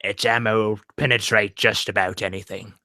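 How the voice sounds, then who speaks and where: A man voicing a weapons merchant in a mock Cockney accent, reading the lines slowly and low. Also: fairly even intonation, sharp tone, no room sound, clean studio sound. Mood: gruff salesman. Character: gravelly cockney-ish male weapons merchant.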